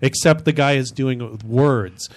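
A man's voice: medium pitch, normal speed. A man hosting a casual chat about comedy, rambling with many restarts. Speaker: host.

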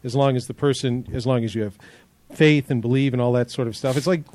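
A man co-hosting a casual panel discussion, talking in a thoughtful, measured and skeptical way. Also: mid-range voice, steady tone, darkish tone, slight background noise. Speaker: podcast co-host.

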